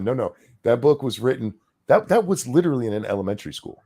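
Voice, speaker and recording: A man's voice: on the high side, big pitch swings, fast, few pauses, warm tone, slightly rough. A man co-hosting a podcast, ranting in a heated, sarcastic, profane way. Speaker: podcast co-host. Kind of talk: casual podcast rant.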